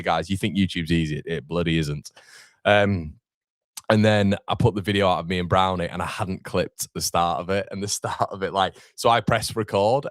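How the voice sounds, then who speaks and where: A man's voice: low-pitched, dry recording, clean studio sound. A young man hosting a live football watchalong, chatting casually and reading out viewer comments. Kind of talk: casual live-stream chat. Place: home room.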